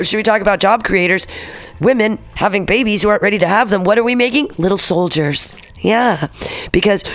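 A man's voice: high voice, a bit bright. A man hosting a radio show, reading news items and ranting about them in a sarcastic, profane way.

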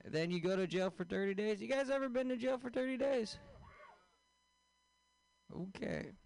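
Man, stand-up comic, high voice, dry close sound, halting offbeat delivery. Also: vocal fry, a little mellow, no room sound. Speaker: stand-up comedian. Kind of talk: stand-up comedy set.

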